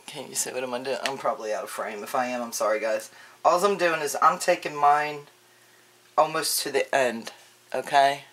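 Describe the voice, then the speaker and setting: Relaxed woman chatting through a craft demo. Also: extremely low pitch, moderate pace, a little hiss or hum. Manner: chatty, relaxed, frequent ums and restarts. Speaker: craft tutorial maker. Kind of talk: casual crafting tutorial.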